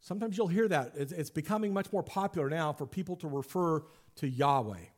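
High-voiced man teaching scripture. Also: expressive, fairly quick, darkish tone. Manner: conversational, explaining step by step with restarts. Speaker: Bible teacher. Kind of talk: Bible study teaching.

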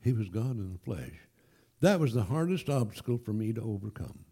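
Man, pastor, lively sermon, mellow voice, folksy asides. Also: fairly low pitch, normal speed, breathy edge. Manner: animated, emphatic, with folksy asides. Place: church.

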